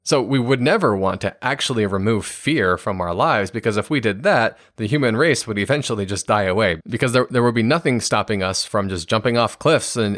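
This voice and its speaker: A man's voice: fairly low pitch, fairly bright tone, no echo, clean studio sound. A man in his thirties hosting a solo podcast episode, explaining ideas earnestly and acting out example replies with bursts of enthusiasm. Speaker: podcast host and speaker on communication.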